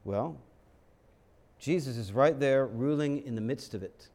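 A man's voice: medium pitch, a little slow, darkish tone. A man preaching a sermon, dramatic and full of rhetorical questions, sometimes acting out other voices. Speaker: pastor.

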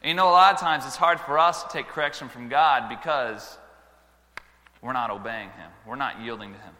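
A man preaching a sermon to schoolchildren, telling stories with lively swings between loud exclamations and quiet earnest moments. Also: medium pitch, fairly quick, big-room sound. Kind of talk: sermon with storytelling.

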